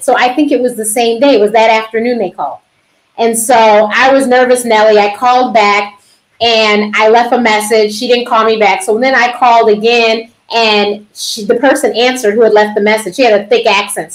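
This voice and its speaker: A middle-aged woman doctor telling a personal story on a panel, animated and often laughing. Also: fairly high pitch, rough recording.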